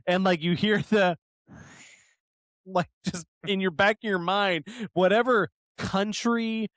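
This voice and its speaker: A podcast host with a fairly high-pitched voice tells rambling stories in casual chat, swearing a lot, laughing often and mimicking people. The recording has no room sound.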